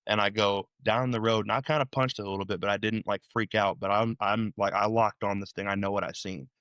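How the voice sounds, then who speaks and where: A young man from Illinois, guest on a podcast, retelling a frightening night in an animated, rambling way with many restarts. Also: lowish voice, dry recording, studio quality. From Illinois, USA. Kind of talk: storytelling interview.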